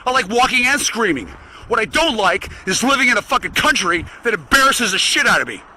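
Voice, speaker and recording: A man with a high, piercingly bright voice rants in fury, swearing constantly and breaking into shouts. He is walking outdoors, with a faint hiss of background noise. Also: sing-song, fairly quick, poor audio. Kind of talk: angry profane rant to camera. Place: outdoors, walking to get the mail.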